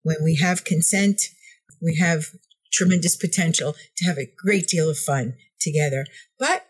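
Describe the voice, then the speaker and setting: Woman, podcast co-host, husky mid-range voice, measured and agreeable. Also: sits low. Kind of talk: casual chat.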